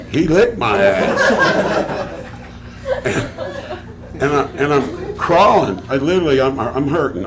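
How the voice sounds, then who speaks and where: A man telling a comic story on stage, animated, laughing through it and swearing freely. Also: mid-range voice. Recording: live crowd noise around the voice.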